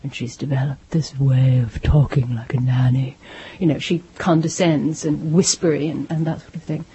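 A middle-aged woman from Pennsylvania, an author guest in a radio studio interview, talking in an animated way with frequent restarts. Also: rumbling low, moderate pace, a little hiss or hum. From Lancaster, Pennsylvania. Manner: animated, self-interrupting, laughs easily. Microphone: studio microphone.

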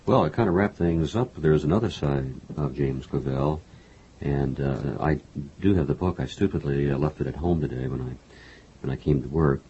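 A man's voice: very deep voice, moderate pace, dark tone, muffled recording, slight background noise. A man hosting an interview, asking conversational, leading questions. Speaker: interviewer host.

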